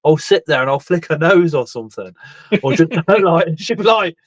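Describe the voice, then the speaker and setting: A man's voice: fairly high pitch, animated, normal speed, no echo. A middle-aged man, chatting casually on a live stream and telling stories full of swearing and laughter. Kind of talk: casual chat.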